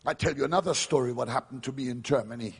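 A man preaching a revival sermon, dramatic and emphatic, building to shouted climaxes. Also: medium pitch, fast, vocal fry, breathy edge.

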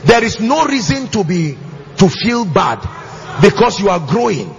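A pastor preaching to his church, emphatic and sing-song, with shouted bursts and call-and-response questions. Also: high voice, big pitch swings, measured pace, a little hiss or hum. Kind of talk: sermon. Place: church auditorium with congregation. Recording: slightly muffled church recording, faint music.

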